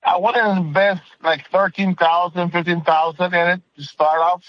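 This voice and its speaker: A man's voice: sits high, little pitch movement, moderate pace, no room sound, dull audio. A man calling in to a radio show, polite and eager as he asks his questions. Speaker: caller. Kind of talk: phone-in call.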